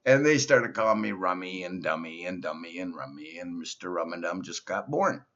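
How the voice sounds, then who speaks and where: Adopting a slow, simple-minded persona, a male stand-up comic tells silly stories in a monologue. He speaks in a low-pitched, expressive voice with a fairly bright tone, captured on a dull, lo-fi recording.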